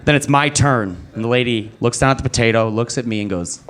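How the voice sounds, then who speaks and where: A young man works a club crowd in a stand-up set. He tells his story at an easy pace, then jumps his voice high and loud whenever he plays someone else in it. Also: fast. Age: young adult. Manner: animated storyteller who jumps high to act out other people. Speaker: stand-up comedian. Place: comedy club stage. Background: live audience.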